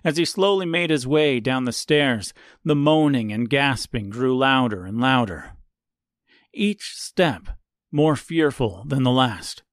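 A man narrating an audiobook in a slow, deliberate, even way. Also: mid-range voice, no room sound, studio quality. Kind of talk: scripted narration.

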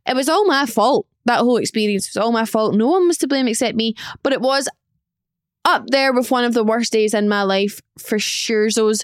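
A young woman in her twenties gives a casual solo podcast update about her life, chatty, excitable and quick to laugh at herself. Her voice sits a little high and sounds smooth and clear. The recording is close and dry, with no room sound. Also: no echo. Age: 20s. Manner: chatty, excitable, self-mocking. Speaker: podcast host.

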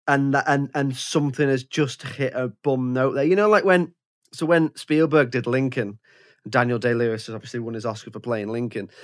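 A man hosting a casual film podcast. He stops and restarts often as he thinks aloud, at an ordinary mid pitch. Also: steady tone. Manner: halting, repeats words as he gathers thoughts. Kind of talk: casual film review chat.

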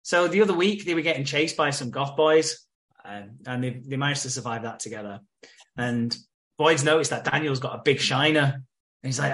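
A man from England, podcast co-host, casually recapping soap episodes with lots of swearing and quick quoted lines. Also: mid-range voice, a bit bright. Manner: sweary, retells scenes with quick quoted voices.

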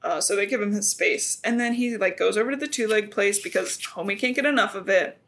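A woman's voice: mid-range voice, a little fast, a bit bright. A young adult woman co-hosting a podcast, recapping a book in chatty, joking, filler-heavy talk. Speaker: podcast co-host. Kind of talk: casual book recap chat.

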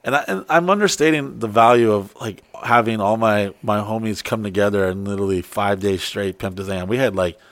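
A man's voice: fairly low pitch, fairly quick, hardly any pauses, dry recording. A man telling a wild story in casual chat, swearing freely and acting out what people said. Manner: profane, excitable, acts out quotes.

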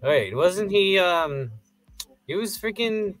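A man's voice: high voice, expressive, slow, fairly bright tone, soft background music. A man co-hosting a casual podcast chat, loose and joking with lots of fillers. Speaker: podcast co-host.

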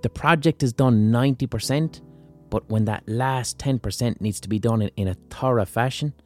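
A man's voice: mid-range voice, moderate pace, soft background music. An Irish man hosting a podcast, talking through a casual monologue in a blunt, wry way with frequent swearing. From Ireland. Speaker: podcast host.

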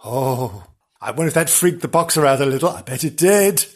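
A man's voice: a little high, lively intonation, brisk, a little mellow. A man hosting a podcast, telling a comic history story in a theatrical, gushing way full of exclamations and jokes. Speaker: podcast host.

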